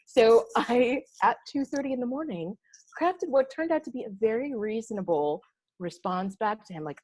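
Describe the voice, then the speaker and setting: A woman's voice: a little high, normal speed. Exasperated woman telling a story. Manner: animated storytelling, acting out emails with exasperation. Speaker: podcast co-host. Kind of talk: casual podcast chat.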